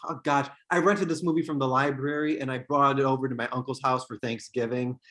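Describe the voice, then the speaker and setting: A man co-hosts a casual podcast chat, animated and prone to leaping into high-pitched quoted voices. His tone is bright and forceful. The room around him is echoey. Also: fairly quick. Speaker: podcast co-host. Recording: roomy, echoey room sound.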